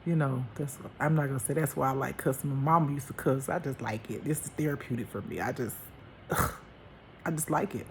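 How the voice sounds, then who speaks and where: A woman's voice: a bass voice, a little fast, a little hiss or hum. A woman giving a casual spiritual monologue as a life teacher, emphatic and chatty, laughing often and calling her listeners honey and baby. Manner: uses endearments like honey and baby.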